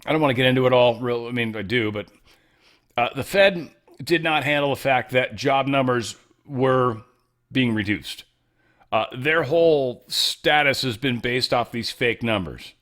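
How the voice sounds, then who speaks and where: A man's voice: medium pitch, unhurried. A man hosting a commentary show, talking casually with sarcastic jokes, restarts and fillers. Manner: animated, joking asides, sarcastic, frequent fillers and restarts. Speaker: political commentary show host.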